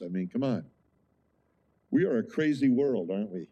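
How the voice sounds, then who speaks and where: A man's voice: mid-range voice, expressive, moderate pace, long pauses, dark tone, husky. A man preaching a sermon as pastor, conversational, with frequent rhetorical questions to the congregation.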